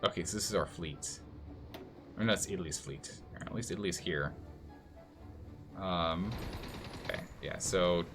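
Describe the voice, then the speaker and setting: A man's voice: low-pitched, normal speed, pauses often, music in the background. A man streaming a strategy game and commenting live, thinking aloud and scolding the game's nations in mock outrage.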